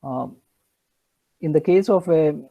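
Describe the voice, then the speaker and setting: Man, lecturer, very mellow dark tone, slightly high voice, hesitant with fillers. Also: slow pace, creaky, low-quality recording. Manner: hesitant, many fillers and restarts. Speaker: engineering lecturer. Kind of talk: online lecture.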